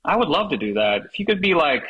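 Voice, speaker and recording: A man's voice: on the high side, very animated, fast, husky, dull audio. A man chatting as a podcast guest, telling rambling stories and laughing often. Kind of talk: casual chat.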